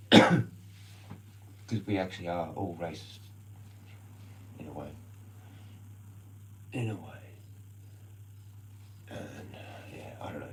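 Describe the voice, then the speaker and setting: A man's voice: sits low, a bit bright, slight background noise, low-quality recording. An Australian man ranting casually on a live stream, rambling and swearing constantly in slang.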